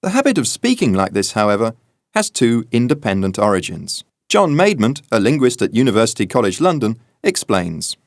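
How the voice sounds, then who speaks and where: A man narrating a magazine audio feature in a measured, wry scripted manner. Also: mid-range voice, very animated, no room sound, clean studio sound.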